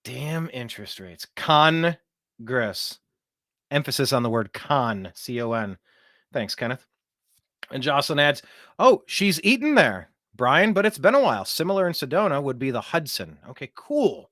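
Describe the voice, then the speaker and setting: A man's voice: mid-range voice, sing-song, normal speed, fairly bright tone, no echo, studio quality. A man hosting a casual livestream chat, reading viewer comments aloud in a chatty way. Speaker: host.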